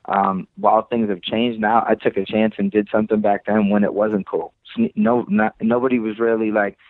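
A man's voice: lowish voice, lively intonation, normal speed, no room sound. A man with a Boston accent, a podcast guest talking loosely and rambling, swearing casually as he chats. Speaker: podcast guest, creative director. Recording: tinny phone-like, dry sound.

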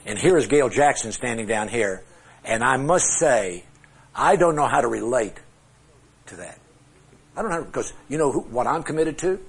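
A man's voice: medium pitch, creaky, slightly rough. A middle-aged man teaching a Bible class with charts, talking conversationally, asking the class questions and joking at his own expense. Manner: self-deprecating humor.

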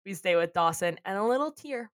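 A woman's voice: medium pitch, expressive, brisk, dry recording, studio quality. A woman co-hosting a podcast, chatting casually as she recaps a TV episode, laughing often and swearing freely. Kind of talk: casual chat.

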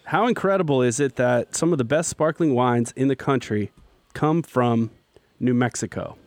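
A man's voice: medium pitch, normal speed, no echo. A man hosting a casual talk show, enthusiastic and jokey as he leads the segments. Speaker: host. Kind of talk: casual chat.

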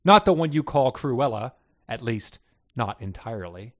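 A man's voice: medium pitch, lively intonation, normal speed, close to an everyday voice. A man voicing a sinister female spirit possessing a woman, purring and menacing in a read-aloud story.

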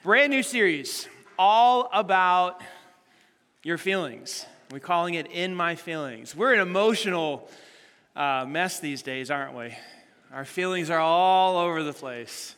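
A man's voice: high-pitched, measured pace, clean tone. A middle-aged man preaching a sermon as a pastor, telling stories with animation and acting out what people said. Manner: animated storytelling, acts out quotes. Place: large church hall. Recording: long hall reverb.

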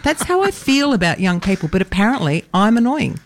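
A woman, a guest performer on a radio show, chatting casually in an animated, joking, opinionated way. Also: medium pitch, a little fast, slight background noise. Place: radio studio.

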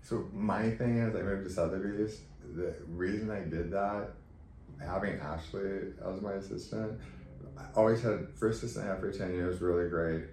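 Very deep-voiced man telling his story. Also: normal speed. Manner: emotional, animated, acts out quoted dialogue. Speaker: podcast guest. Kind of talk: candid conversational storytelling. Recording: roomy echo, faint background noise.

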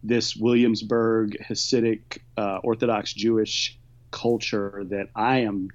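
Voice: mid-range voice, little pitch movement, slow. Co-host chatting loosely about a show, kinda hesitant, muffled lo-fi audio. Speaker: podcast co-host. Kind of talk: casual chat. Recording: dull lo-fi sound.

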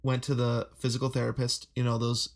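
A man co-hosting a podcast in casual chat, relaxed and rambling, laughing often, with a flat Midwestern accent. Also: medium pitch, brisk. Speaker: podcast co-host.

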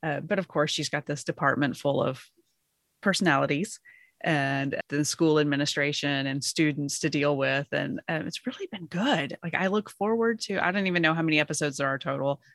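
A woman co-hosting a podcast in casual chat, relaxed, jumping high when she quotes herself. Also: a little fast, no echo, studio quality. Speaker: podcast co-host.

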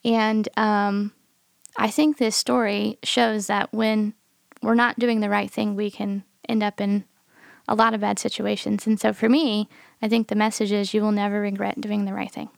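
A woman, a pastor, in a podcast Bible discussion, who retells stories in a lively way and acts out the dialogue. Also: mid-range voice, normal speed, gravelly, clear, resonant tone, no echo.

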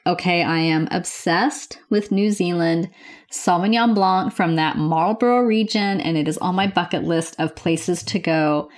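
An American woman nurse hosting her own podcast from a home office, chatting in an upbeat, gushing way. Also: on the low side. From United States. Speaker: podcast host. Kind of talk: casual podcast chat.

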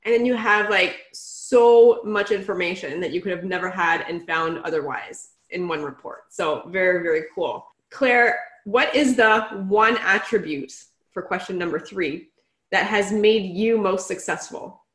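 A woman co-hosts a podcast, upbeat and gushing as she puts questions to the guest. Her voice has an ordinary pitch for a woman. The room around her echoes. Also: unhurried, a bit bright. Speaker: podcast co-host. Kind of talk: casual podcast interview. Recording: roomy echo.

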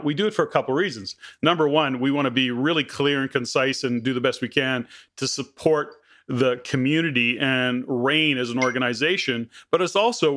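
A man's voice: medium pitch, fairly bright tone. Rambling Canadian podcast host, man. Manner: rambling, many restarts. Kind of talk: casual conversational interview.

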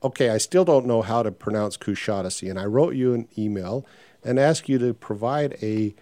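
A man's voice: medium pitch, expressive, moderate pace, warm tone, no echo. An older man hosting a podcast, talking in a frank, rambling way with many filler sounds. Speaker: podcast host. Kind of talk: casual podcast monologue.

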